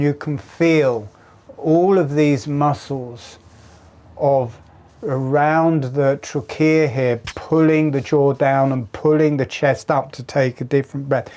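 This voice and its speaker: A man teaching a breathwork lesson, calmly explaining and demonstrating each step. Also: fairly high pitch. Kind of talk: guided breathing instruction.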